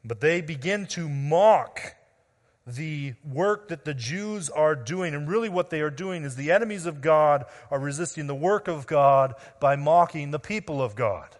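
A man preaching an expository sermon as pastor, earnest, addressing the men and women before him, often dropping quietly at the ends of phrases. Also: a little high, lively intonation, a little slow. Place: church sanctuary. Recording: long reverb of a large room.

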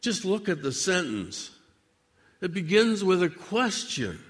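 A man preaching a dramatic sermon monologue addressed to God, with measured, theatrical delivery and long pauses. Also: high-pitched, very animated, long reverb tail.

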